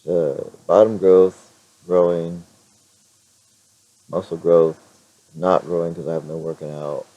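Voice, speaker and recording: A middle-aged man chatting in a casual vlog with a hoarse, raspy voice, rambling with many fillers and restarts. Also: low-pitched, level tone, slow, dark tone, dry recording, muffled recording. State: clears throat now and then. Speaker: vlogger.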